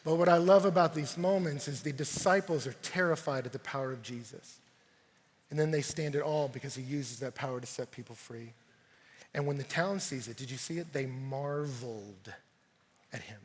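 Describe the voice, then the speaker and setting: A man preaching a sermon at a youth camp, telling stories with animated energy that rises to shouts. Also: mid-range voice, moderate pace. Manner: animated storytelling, rising to shouts. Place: large arena at a youth camp. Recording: long arena reverb.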